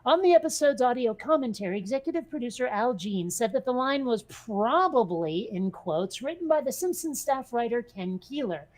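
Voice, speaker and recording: A woman co-hosting a casual chat show, wry and quick to laugh, reading aloud from a web page with offhand swearing. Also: fairly high pitch, expressive. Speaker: podcast co-host.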